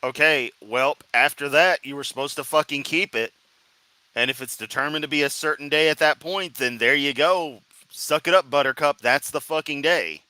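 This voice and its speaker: A man's voice: fairly high pitch, normal speed, pushed and bright, clean tone, no room sound, poor audio. A man giving sarcastic, profane reaction commentary as a streamer, mocking what he hears. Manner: sarcastic, mocking, swears constantly.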